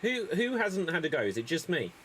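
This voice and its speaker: Hosting an improv comedy show, a man with a higher voice and big pitch swings talks a little fast, rambling and mocking himself. His tone is fairly bright, with a slight hiss or hum in the audio.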